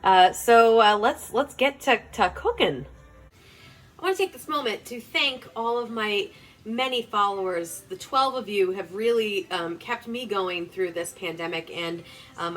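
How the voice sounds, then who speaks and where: A woman's voice: medium pitch, a bit bright, low-quality recording. A young woman hosting her home cooking show in her kitchen, talking casually in a rambling, self-deprecating way full of fillers. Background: playlist music playing faintly.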